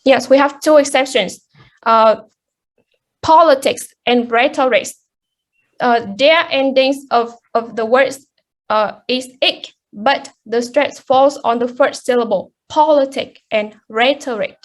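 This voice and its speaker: Young woman, high voice, halting class presentation with lots of ums. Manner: hesitant, many fillers and restarts. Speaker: student presenter.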